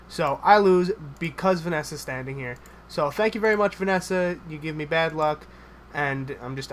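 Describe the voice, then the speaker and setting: Guy doing live game commentary, kinda high voice, hyped and jokey, swears a ton. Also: slight background noise. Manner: excitable, joking, swears a lot; rapid bursts of chatter. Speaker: gameplay commentator.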